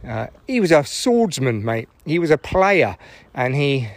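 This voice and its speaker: A man's voice: fairly high pitch, big pitch swings, unhurried. A man hosting a podcast, rambling in a sweary, jokey monologue while out on a walk. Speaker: podcast host. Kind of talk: casual monologue while walking. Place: outdoors on a walk.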